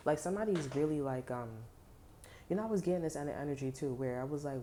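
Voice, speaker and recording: A woman reads tarot cards for her viewers in a loose, rambling way, swearing freely and leaning on fillers and slang. Her voice sits very low with a dark, mellow tone, and a faint hiss runs underneath. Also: quick pace. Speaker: tarot reader. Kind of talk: casual tarot reading.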